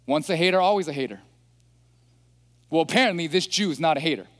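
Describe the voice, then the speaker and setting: A man preaching a sermon as pastor, animated and throwing rhetorical questions at the congregation. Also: on the high side, fast talker. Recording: long hall reverb.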